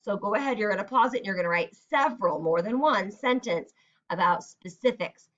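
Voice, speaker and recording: A woman's voice: medium pitch, expressive, a little fast, a bit bright. A woman teacher leads children through a writing task one step at a time in a recorded lesson. Now and then she acts out her example sentences. The recording is dull and lo-fi.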